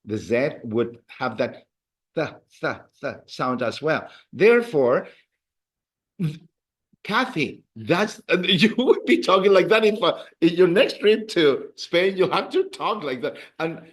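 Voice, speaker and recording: A man teaching a Spanish class to adult students in a classroom. He explains with halting repeated words and teases his students in a playful way. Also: on the high side, big pitch swings. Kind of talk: classroom language lesson.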